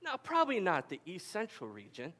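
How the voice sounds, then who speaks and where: A man in his forties delivers a sermon with a notably high voice. He tells stories in a loose, conversational way, often doubling back on his words as he goes. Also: wildly swooping pitch, brisk, fairly bright tone. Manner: conversational storytelling with frequent restarts. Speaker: pastor. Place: camp meeting hall.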